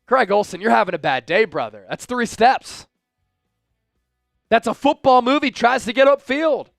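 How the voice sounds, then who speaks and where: A man hosting a fan livestream, giving excitable live commentary on the game, shouting at big plays and talking directly to his viewers. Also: extremely high pitch, a little fast, creaky, dry recording, soft background music. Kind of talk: live watch-along commentary.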